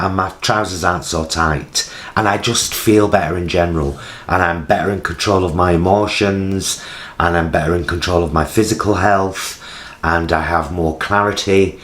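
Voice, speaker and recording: Recorded on his vlogging camera, a deep-voiced British man in his forties talks casually to camera from his home kitchen, rambling and poking fun at himself.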